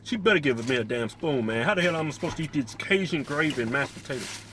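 A man's voice: fairly high pitch, animated, quick pace, a bit bright. A young man in his twenties co-hosting a comedy vlog while driving, grumbling and swearing. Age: 20s. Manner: grumbling, profane. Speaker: co-host, driver. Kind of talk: casual car vlog banter. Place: inside a car at a drive-through. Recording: car cabin with road noise.

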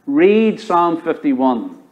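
A man with a Southern US accent preaching a sermon as pastor, rising to loud high exhortation and dropping to low, quiet emphasis. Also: very animated, very slow. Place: church sanctuary.

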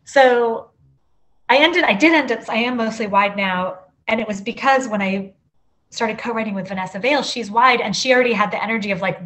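A woman's voice: a little high, fairly quick. A woman author talking casually as an interview guest, chatty, with many "likes" and restarts. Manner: chatty, full of "like" and restarts, animated.

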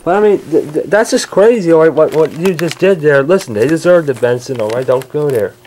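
A man's voice: a little high, brisk, darkish tone, slight background noise. A man bickering and stammering through a homemade comedy skit in which he plays several characters.

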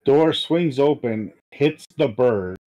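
Male game master, unhurried, halting casual narration of the scene. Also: mid-range voice, lively intonation, dark tone, lo-fi sound. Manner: slow, halting, with fillers.

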